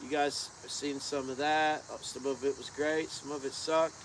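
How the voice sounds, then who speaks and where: A man's voice: mid-range voice, flat delivery, moderate pace. A man co-hosting a casual live chat, talking in a folksy, rambling, drawling way. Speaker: co-host of a car-build channel. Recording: faint outdoor insect noise.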